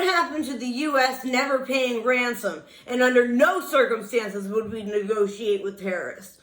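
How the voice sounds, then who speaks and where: A woman's voice: a little high, normal speed, few pauses, a bit bright. A woman delivering a sarcastic, scathing political rant as a vlogger. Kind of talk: ranting political monologue. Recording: roomy echo.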